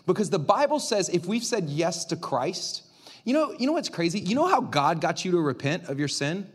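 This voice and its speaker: Animated, high-voiced male pastor. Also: moderate pace, husky. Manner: animated, conversational, dramatic swings in volume. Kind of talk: sermon.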